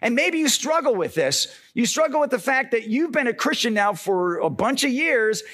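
Husky, lively-voiced male pastor preaching. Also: very high-pitched, moderate pace. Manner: energetic, conversational, rhetorical check-ins. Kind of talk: sermon.

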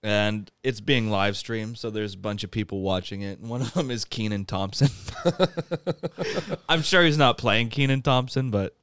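Slow-talking man laughing through a story. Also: lowish voice, a bit bright, clean tone, no echo. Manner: laughs often while recounting, acts out quoted lines. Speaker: podcast host. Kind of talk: casual chat retelling a movie plot.

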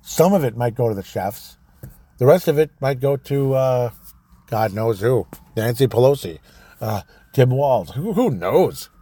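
A man's voice: medium pitch, unhurried, mellow. A man hosting a solo talk show, reading news items aloud and ranting sarcastically, laughing at his own jokes. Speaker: podcast host. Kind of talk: opinionated solo commentary.

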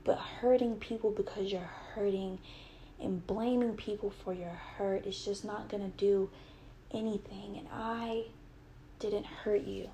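A woman's voice: medium pitch, fairly even intonation, a little slow, dark tone, a little hiss or hum. A young adult woman telling a personal story with earnest, heated retelling and quoted dialogue.

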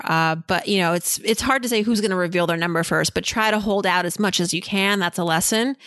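A woman's voice: lowish voice, fairly bright tone, no echo, clean studio sound. A woman hosting a personal finance podcast, answering listener questions in a chatty, frank way with lots of "you know" fillers.

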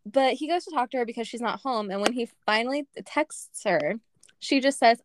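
A young woman co-hosting a casual book podcast, talking in an animated way with lots of laughs and fillers. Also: on the high side, fairly quick, dry recording. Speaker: podcast co-host. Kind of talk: casual book-review chat.

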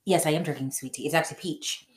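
A woman's voice: sits low, fast talker. A woman co-hosting a casual live podcast, laughing often and swearing freely as she talks. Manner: laughs a lot, loose and profane. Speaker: podcast co-host. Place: room at home, pouring tea. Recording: echoey room.

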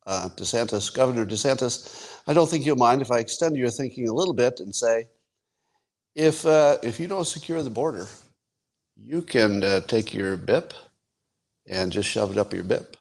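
A man in his sixties hosting his own podcast, musing wryly in casual solo commentary with chuckles and sudden jumps in pitch for emphasis. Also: normal speed, vocal fry, a little mellow. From United States. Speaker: podcast host.

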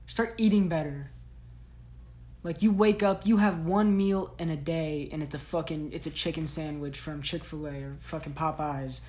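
A woman with a fairly low voice delivers a solo podcast monologue. Her talk is blunt, heavy with slang and swearing, and pushes tough love at the listener. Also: fairly even intonation, normal speed, darkish tone. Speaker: podcast host.

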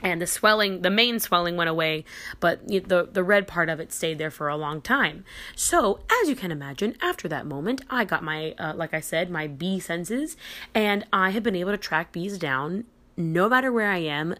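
Animated young woman telling a story. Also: on the low side. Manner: animated and excitable, with restarts and dramatic pauses. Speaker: podcast host. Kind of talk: casual storytelling.

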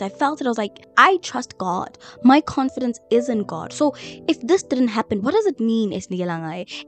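A woman's voice: a little high, a little mellow. A woman sharing a personal faith testimony in a chatty, emotional way, with a lot of "like". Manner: emotional, chatty, heavy use of "like". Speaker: vlogger.

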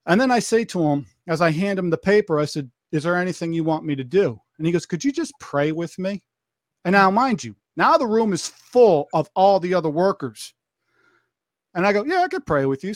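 Telling a story in casual podcast conversation, a high-voiced man brings it to life by acting out each quoted line. He often restarts and repeats phrases, and his voice is captured close and dry with no room sound.

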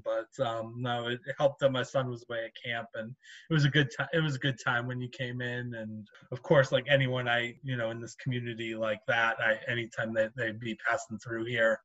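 A man talking in a casual podcast chat over a remote call mic, halting and trailing off. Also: mid-range voice, fairly even intonation, pushed and bright. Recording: dull lo-fi call audio.

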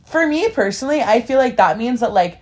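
A woman's voice: on the high side, expressive, a little fast, a little mellow. A young woman co-hosting a podcast, talking candidly in a rambling, filler-heavy way. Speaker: podcast co-host. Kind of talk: casual chat.

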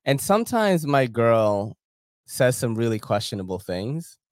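A man's voice: medium pitch, big pitch swings, unhurried, a little mellow, no room sound, clean studio sound. A man co-hosting a podcast in loose, joking, profane casual banter. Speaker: podcast co-host.

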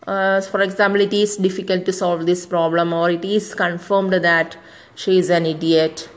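A woman's voice: lowish voice, little pitch movement, moderate pace, rough recording. A woman teaching an English grammar lesson, spelling out words letter by letter and working through example sentences.

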